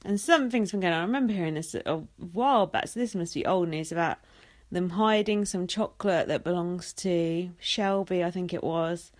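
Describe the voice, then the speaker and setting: A woman's voice: on the low side, normal speed. A young woman vlogging a casual recap, sarcastic and sweary, full of "like" and "um". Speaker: vlogger recapping a reality show.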